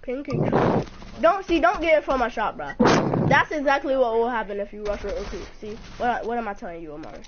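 A woman's voice: fairly high pitch, a little fast. A woman streaming a video game, teasing and trash-talking her opponent in boisterous chat, laughing often. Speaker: gamer streaming a match. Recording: muffled lo-fi stream with loud noise.

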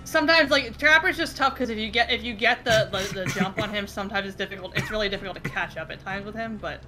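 A fast-talking woman with a medium-pitched voice streams from her home gaming room, chatting casually with music playing behind her. She rambles and pokes fun at herself.

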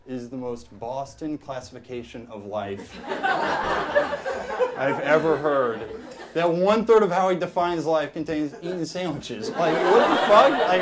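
A young man doing a stand-up comedy set on a club stage, rambling deadpan with lots of fillers. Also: fairly high pitch, heavy background noise.

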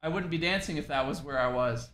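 A man's voice: fairly high pitch, fast, a bit bright, slight background noise. A tipsy man casually chatting with his wife, swearing and joking while reading memes aloud. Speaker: host. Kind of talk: casual chat reacting to memes.

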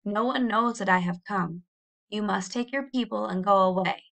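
A woman reading aloud gives us a brave young pioneer girl from a storybook, earnest and insistent. She pleads in a slow, deliberate way, and the voice carries a gravelly edge. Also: medium pitch, a bit bright. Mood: urgent. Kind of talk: audiobook reading.

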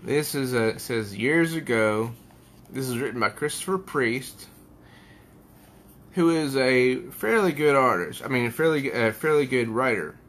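A man's voice: mid-range voice, animated, a little slow, fairly bright tone, a little hiss or hum. A man giving a casual comic book review at home, rambling and thinking aloud as he pages through an issue.

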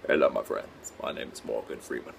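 A man putting on a deep, breathy voice as an older male narrator who is grandly self-important. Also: fairly quick, a little hiss or hum, full character voice. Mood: grandiose. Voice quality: deep, breathy, near whisper.

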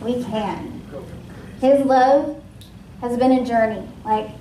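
A woman from Washington State sharing a personal testimony at a ministry meeting, in a casual, lively way with many fillers. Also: on the high side, slow, far from the mic, a little hiss or hum. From Washington State, USA. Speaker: guest speaker at a ministry. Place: ministry meeting room with a live audience. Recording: echoey room, voice from off-mic.

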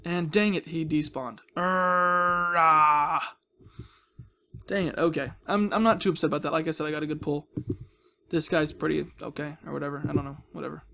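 A man's voice: a little high, fairly even intonation, fast talker, vocal fry. A man hosting a casual game commentary, playful and jokey, cooing at the characters he plays with. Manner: playful, talks baby-talk to villagers, jokey asides. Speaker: gaming video host. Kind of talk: casual Minecraft let's-play commentary. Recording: faint background noise.

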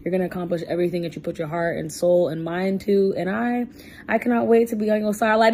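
Casual slangy older cousin. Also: female voice, fairly low pitch, little pitch movement, fast talker, a little mellow. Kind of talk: casual video message.

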